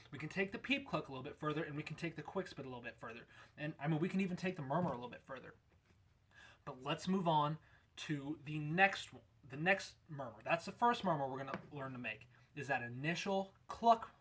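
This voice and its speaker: A man explaining goose calling technique in a relaxed, conversational instructional video. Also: on the high side. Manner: relaxed, conversational, lots of "we're gonna".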